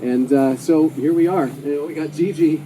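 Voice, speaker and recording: Male organizer, slightly high, very mellow tone, halting delivery outdoors. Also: fairly even intonation, low-quality recording. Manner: hesitant, many fillers and restarts. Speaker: organizer introducing a speaker. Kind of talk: casual outdoor address. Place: outdoors at a gathering.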